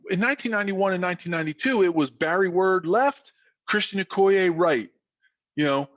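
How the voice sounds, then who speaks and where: A former football player from South Philadelphia tells a rambling podcast story, animated and packed with fillers. His voice sits high and moves briskly, with no room sound on a lo-fi recording. It's casual storytelling.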